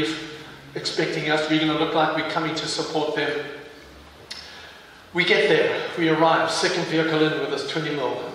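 A man's voice: fairly high pitch, a bit bright, a little hiss or hum. A man with a South African accent giving an intense testimony sermon, building to fervent emphasis. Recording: echoey hall, mic heard from far off.

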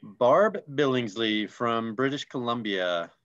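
A man co-hosting a casual online call, reading names in a relaxed, friendly, joking way. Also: mid-range voice, slow, lo-fi sound. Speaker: co-host.

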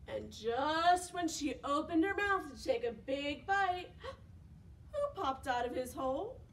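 A woman's voice: sits high, measured pace, few pauses, recorded from a distance, slight background noise. A young woman leading preschool storytime, singing action songs and reading a picture book aloud with gasps and questions for the children. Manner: animated, sing-song, with gasps and questions to children. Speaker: children's librarian.

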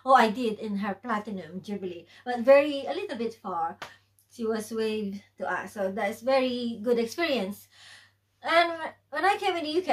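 Give me a woman with a fairly high voice, chatting in a halting way on a vlog. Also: low-quality recording. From Philippines. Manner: chatty, halting, restarts sentences. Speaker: vlog co-host. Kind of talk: casual chat to camera.

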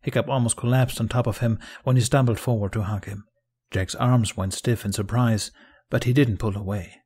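A man narrating a fan fiction audiobook in a calm, even storytelling manner. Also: fairly low pitch, normal speed, breathy edge.

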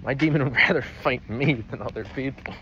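A man's voice: medium pitch, brisk, sharp tone. A young man vlogging as he walks outdoors, rambling in a casual way and often stifling his laughter. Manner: meandering, giggly, stifles laughs. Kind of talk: rambling casual vlog while walking. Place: outdoors, walking. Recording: dull lo-fi with outdoor noise.

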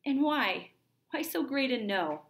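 A woman's voice: sits high, animated, a little slow, voice pushed up. A woman reading aloud the part of a grieving young woman in love, in an earnest, pleading manner.

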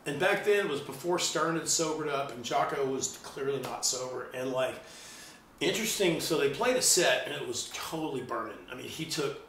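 A middle-aged man telling stories in a loose, animated way, swearing freely, in a casual chat. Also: mid-range voice, moderate pace, roomy sound, far from the mic, a little hiss or hum. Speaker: guest musician.

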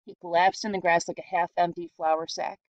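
A woman's voice: fairly low pitch, flat delivery, fairly quick, no echo. Woman reading a story aloud, dry sound. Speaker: reader. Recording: dull lo-fi sound.

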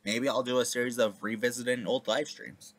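A man talks casually to his viewers in a mid-range voice. He rambles and fills pauses with plenty of ums. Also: medium pitch, steady tone. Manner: rambling with many fillers. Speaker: video creator. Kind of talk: casual reaction chat.

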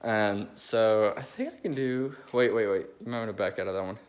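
Young man, low-ish voice, rambling amateur impressionist, phone recording. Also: brisk. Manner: rambling, restarts often, eager. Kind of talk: casual chat between impressions.

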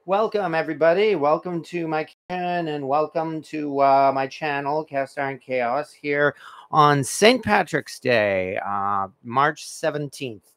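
A man's voice: a little high, unhurried, a bit bright. A man hosting a casual cooking livestream from his home kitchen, rambling with lots of fillers and restarts. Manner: rambling, many fillers and restarts, self-deprecating. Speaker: cooking channel host.

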